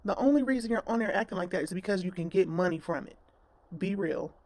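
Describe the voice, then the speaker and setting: A woman's voice: fairly low pitch, animated, quick pace, a little mellow. Blunt, scolding woman commentator. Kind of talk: ranting reaction commentary.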